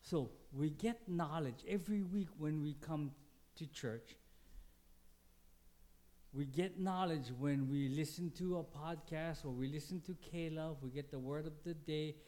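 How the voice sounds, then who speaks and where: A pastor with a mellow voice preaches a conversational sermon at a measured pace, putting questions to the congregation. His delivery is dynamic, acting out small quoted exchanges with big, sudden pitch jumps.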